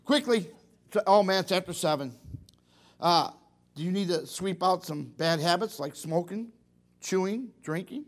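High-voiced folksy preacher. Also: male voice, unhurried. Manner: folksy, animated, acts out quotes. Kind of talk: sermon.

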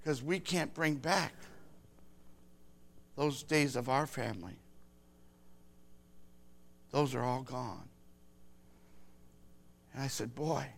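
An older man, a grandfather, rambling through a personal story with halting speech and frequent restarts. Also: mid-range voice, gravelly.

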